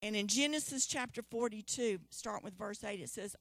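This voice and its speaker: Speaking at normal speed with hardly a pause, a woman with a gravelly, mid-range voice gives a lively sermon on a Bible story, calling questions out to the congregation. The audio has no echo.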